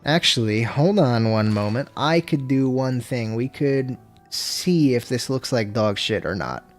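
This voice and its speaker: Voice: medium pitch, expressive, a little slow. A laid-back gaming streamer chatting to viewers, with a voice that swings up and down a lot. They curse freely and flare up when something frustrates them. Faint music plays underneath. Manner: swears freely, frustrated outbursts; laid-back, talks to chat. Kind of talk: casual gameplay livestream chat.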